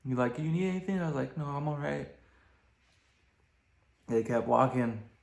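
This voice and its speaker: A man's voice: medium pitch, fairly even intonation, measured pace, vocal fry. A young man casually telling a rambling story as a vlogger, with lots of fillers. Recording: echoey room.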